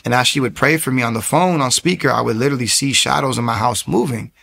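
A man's voice: mid-range voice, fast talker, gravelly, slightly rough. A man earnestly telling his personal faith testimony, acting out the people in his story. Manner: earnest, acts out quoted people in lively bursts. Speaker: speaker sharing a testimony.

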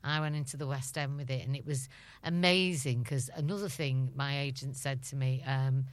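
Low-voiced Scouse woman telling stories. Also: steady tone, moderate pace, hardly any pauses, no room sound. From Liverpool, England. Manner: chatty, laughs often, acts out dialogue. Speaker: guest. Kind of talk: storytelling interview.

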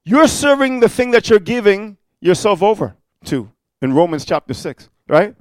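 A middle-aged preacher man with a high voice, heard close and dry with no room around him. He tells his stories in a low murmur, then climbs into loud, pressing exhortation, peppering his lines with "amen" and "huh?". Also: sing-song, moderate pace, dry recording. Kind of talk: fiery sermon.

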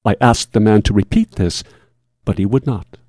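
A man reading a first-person horror tale as scripted narration, with a measured, solemn and formal delivery. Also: fairly low pitch, darkish tone, no room sound, clean studio sound.

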